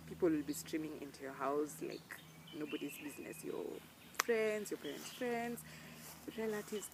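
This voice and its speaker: A young woman talking earnestly to camera, emphatic and animated when she quotes people. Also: sits low, background noise. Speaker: vlogger. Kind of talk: casual personal talk to camera.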